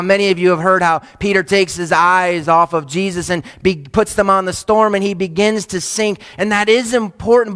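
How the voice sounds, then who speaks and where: A man preaching in a high, ringing voice. He climbs to loud, stressed phrases and then drops to near-hushed asides. The sound carries a long reverb, as if filling a large hall. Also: smooth. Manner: swings between loud emphatic lines and hushed, soft asides. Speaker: pastor. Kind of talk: sermon.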